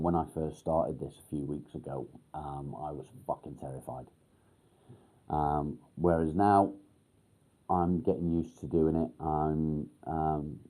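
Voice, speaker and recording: A middle-aged man hosting a casual live stream, rambling with many pauses and casual swearing. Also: very deep voice, dark tone. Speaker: livestream host.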